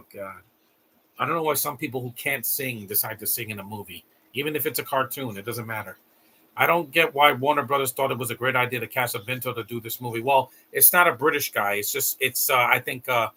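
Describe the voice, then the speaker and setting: Male streamer, bright tense voice, blunt grumbling off-the-cuff commentary with restarts. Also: medium pitch, husky. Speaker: live streamer. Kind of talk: casual live-stream commentary.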